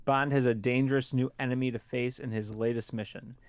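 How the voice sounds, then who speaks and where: Deadpan man reading aloud, dry sound. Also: mid-range voice, fairly quick, smooth, no room sound. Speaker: podcast guest. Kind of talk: reading a blurb aloud in a podcast.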